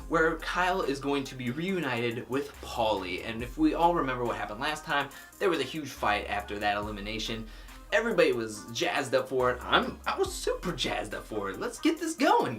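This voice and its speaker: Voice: medium pitch, fairly bright tone. A vlogger giving a casual, opinionated recap of a reality show episode, talking freely with lots of "like" fillers.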